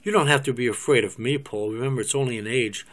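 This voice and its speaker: A man's voice: medium pitch, fast, a bit bright, natural voice. A scheming eight-year-old girl who talks with sly, knowing confidence, read by a man in a cold reading. There is little voice change, so it stays close to an ordinary man's speech.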